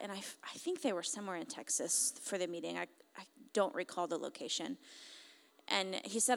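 A woman retelling a moving story as testimony, in an emotive, halting way with frequent restarts. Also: mid-range voice. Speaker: speaker. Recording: long hall reverb.

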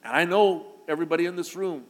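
A man preaching a sermon to his congregation, building to loud, emphatic declarations. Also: on the high side, fast, long reverb tail. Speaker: pastor. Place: church sanctuary.

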